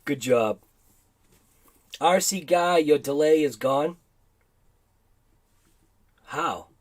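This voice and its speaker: A man from the Boston area of the United States, with a Boston accent, hosts a casual livestream, speaking extremely slowly in a fairly high voice. He rambles and laughs while reading the chat aloud.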